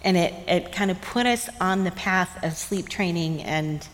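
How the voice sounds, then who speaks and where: A middle-aged woman telling motherhood memories in a tender, reflective way, often laughing softly. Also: fairly low pitch, measured pace. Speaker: guest sharing motherhood memories. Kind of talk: casual storytelling chat. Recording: long room reverb, faint ambience.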